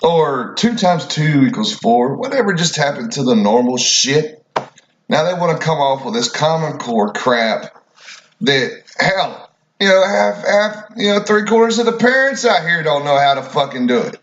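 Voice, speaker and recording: A man's voice: a little high, big pitch swings, normal speed, a bit bright, roomy sound. A man hosting a radio show, telling a rambling story in a blunt, profane, drawling way. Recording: dull lo-fi recording.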